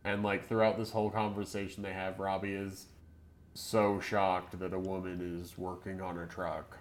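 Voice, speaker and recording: A man with a low voice talks through a movie recap for his podcast. He is sarcastic and swears freely. He laughs a lot while he goes. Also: level tone, normal speed. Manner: profane, sarcastic, laughs often. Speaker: podcast co-host. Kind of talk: casual movie recap chat.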